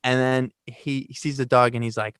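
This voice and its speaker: A man's voice: medium pitch, level tone, normal speed, a bit bright, clean tone, dry recording, clean studio sound. A man, a singer-songwriter, talking as a podcast guest in a laid-back way, laughing and acting out the people he describes. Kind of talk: casual conversation. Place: New York.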